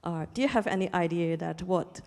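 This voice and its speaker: A woman with a fairly low voice asks the speaker a question from the floor of a lecture. She talks hesitantly and fills her pauses with fillers. Her voice rings with a long hall reverb. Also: a little mellow. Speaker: audience questioner, church historian.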